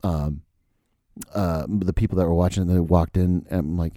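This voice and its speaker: A man's voice: sits low, steady tone, moderate pace, dark tone, dry recording, studio quality. A young adult man, a musician, telling a long story in casual podcast chat, rambling with lots of fillers and swearing. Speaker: guest musician.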